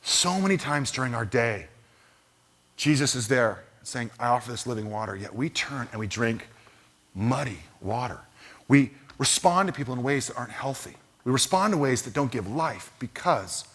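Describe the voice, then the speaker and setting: A man's voice: medium pitch, expressive, moderate pace, fairly bright tone. A man preaching a sermon as pastor, conversational and storytelling, with self-deprecating humor. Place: church sanctuary.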